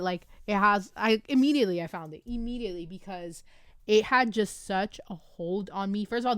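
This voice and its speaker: A woman host excitedly talking through a book she loves, gushing with lots of fillers, in a casual review chat recorded at home on a desk microphone. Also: medium pitch, clean tone, dry recording, studio quality. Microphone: desk microphone with camera.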